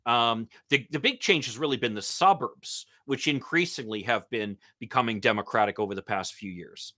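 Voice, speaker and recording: A man hosting a live-stream Q&A as a political commentator, answering viewer comments in a halting way with many ums and uhs. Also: medium pitch, bright, forceful tone. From Michigan. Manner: halting, with frequent um and uh fillers.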